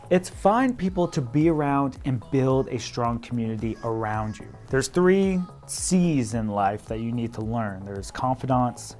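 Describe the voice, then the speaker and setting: A man in his thirties with a Midwestern American accent, giving casual advice straight to camera in a playful way that often breaks into laughter. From Midwest, United States. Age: 30s. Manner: playful, laughing, quick swings in pitch and loudness. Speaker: realtor vlogger.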